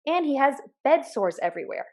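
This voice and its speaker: A woman's voice: sits high, very animated, fairly quick, a little mellow. Candid woman telling a personal grief story. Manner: candid, swears freely, acts out quoted voices. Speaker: podcast co-host sharing her grief story. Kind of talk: casual conversational storytelling.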